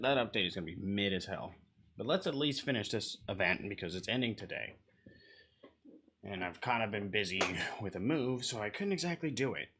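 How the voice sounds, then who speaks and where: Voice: medium pitch, sharp tone, slightly rough. Profane, exasperated game streamer ranting. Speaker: streamer reacting to a game broadcast. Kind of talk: casual live-stream commentary.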